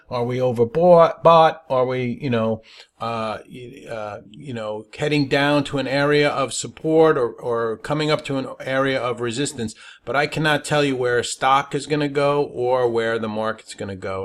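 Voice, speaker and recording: A man's voice: medium pitch, a bit bright. A man teaching stock trading in a webinar, talking emphatically and checking in with "all right?" after his points. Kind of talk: webinar presentation.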